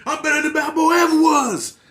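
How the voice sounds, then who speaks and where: A bratty young boxer with a southern drawl yells his complaints in a high, strained whine, as a man puts him on. The voice is bright and sharp-edged, all petulance and bluster. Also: steady tone, fairly quick. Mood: whiny defiance.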